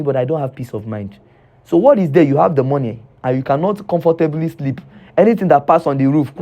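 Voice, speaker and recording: A man's voice: a little high, dark tone. A man telling a troubled first-person confession, repeating himself and pleading. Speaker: storyteller.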